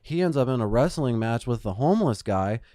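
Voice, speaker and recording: A man's voice: medium pitch, lively intonation, fairly quick, warm tone, no room sound, studio quality. A man co-hosting a podcast, telling rambling, profane stories in casual chat. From Phoenix, Arizona. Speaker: podcast co-host.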